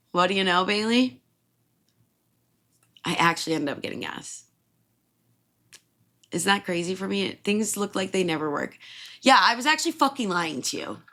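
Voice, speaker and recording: A woman in her twenties, a podcast host from Illinois, telling a story in a casual, animated way, laughing and swearing freely. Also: fairly low pitch, gravelly.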